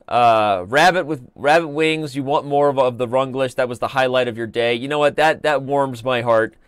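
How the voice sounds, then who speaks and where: A man's voice: medium pitch, clean tone, no echo, studio quality. A man hosting a live chess stream, commenting on games in a playful, joking way. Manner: playful, joking, fast-moving.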